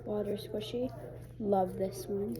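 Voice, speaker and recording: In a casual home vlog, a young woman shows her things and chats with many fillers as a TV plays in the background. Her mid-range voice has fairly even intonation and a slow pace.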